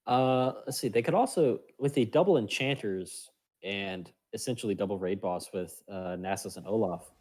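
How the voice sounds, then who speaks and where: A man's voice: on the low side, normal speed, a little mellow. A man casting an amateur esports match in a casual, playful way, tossing in jokey quips. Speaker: esports caster.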